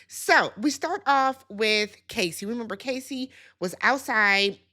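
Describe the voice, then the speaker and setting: A woman hosting a casual reality-TV recap, chatty and animated, talking straight to her viewers. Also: fairly high pitch, a little slow. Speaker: YouTube reality-show recap host.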